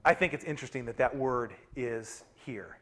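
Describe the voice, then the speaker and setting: Preaching conversationally at normal speed, this middle-aged pastor has a medium-pitched voice. His sermon mixes scripture with personal stories, and his volume changes frequently.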